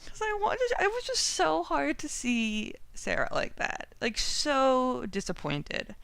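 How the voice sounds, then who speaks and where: Chatty young-sounding woman, gravelly edge. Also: sits high, wildly swooping pitch, slow pace, fairly bright tone, no room sound. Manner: chatty, laughs often, lots of likes. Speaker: podcast co-host. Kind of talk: casual chat.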